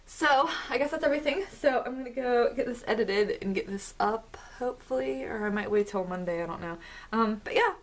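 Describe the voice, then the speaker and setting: A woman vlogger talking through an album unboxing, gushing and excitable as she speaks to the camera. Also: on the high side, fairly quick. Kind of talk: casual unboxing commentary.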